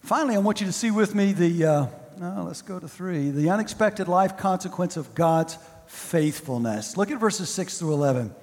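A male pastor delivering a sermon, with emphatic repetition and slow, drawn-out stresses. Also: sits high, animated, a little mellow, in a large hall.

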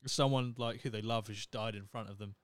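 A man's voice: fairly low pitch, steady tone, fairly quick, no echo. A young man hosting a solo podcast, talking in a blunt, sweary, opinionated way. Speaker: podcast host. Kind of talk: casual solo podcast rant.

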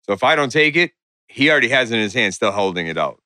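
A man's voice: medium pitch, sing-song, fast talker, bright, forceful tone, no echo, clean studio sound. A young man in casual chat, laid-back and rambling, laughing along.

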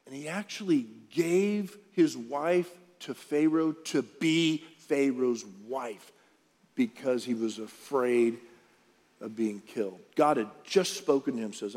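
A man's voice: medium pitch, slow pace, a little mellow. A man preaching a conversational sermon to his congregation in a church service, mixing scripture reading with jokes. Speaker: pastor. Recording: long church-hall reverb.

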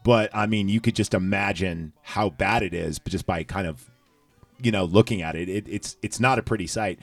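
A man's voice: low voice, moderate pace, dry recording, soft background music. A man hosting a casual movie recap chat, rambling with lots of fillers and profanity. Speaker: podcast host.

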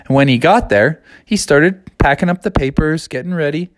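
A man's voice: fairly high pitch, normal speed, no echo. A young man improvising a silly story, rambling and playful, laughing along.

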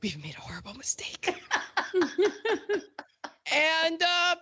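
A woman hosting a casual podcast chat on history, talking in an animated way and acting out countries in silly voices. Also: high voice, no echo. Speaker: podcast host. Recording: dull lo-fi sound.

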